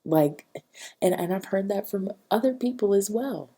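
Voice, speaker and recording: A woman's voice: mid-range voice, animated, moderate pace, dark tone, breathy edge. A young adult woman talking straight to camera with chatty, emphatic advice and little playacted quotes. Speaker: vlogger. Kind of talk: casual talking-head advice.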